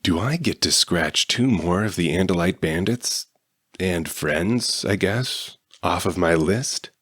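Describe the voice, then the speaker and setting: A man voicing a mocking, sneering shape-shifting alien villain in a deep voice. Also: lively intonation, slow, a bit bright, husky, no echo, studio quality, heavily acted.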